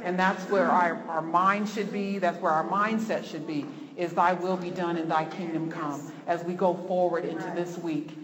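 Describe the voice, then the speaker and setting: A woman leading a church prayer group, gently steering the talk and repeating her points for emphasis. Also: fairly low pitch, fairly even intonation, normal speed, few pauses, long reverb tail, crowd noise.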